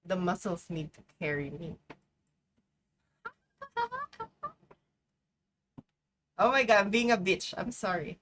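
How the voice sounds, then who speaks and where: A woman streaming live, reacting to a video in casual, profane commentary with sudden loud outbursts and chanted repeats. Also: low voice, a little hiss or hum.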